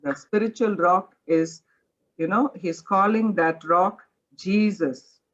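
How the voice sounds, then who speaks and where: A woman's voice: fairly low pitch, slow, highs cut off. A woman teaching a Bible study, earnest and direct, repeating her advice plainly.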